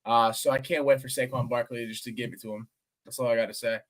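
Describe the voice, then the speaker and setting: A man co-hosting a sports podcast, excitable and crude in casual chat. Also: medium pitch, fast talker. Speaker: podcast co-host.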